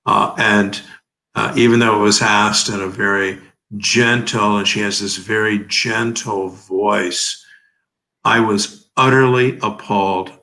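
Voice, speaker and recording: A man's voice: on the low side, fairly even intonation, takes it slowly, sharp tone, rough recording. A man in his seventies giving emphatic, oratorical legal commentary as an interview guest, leaning on rhetorical questions. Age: 70s.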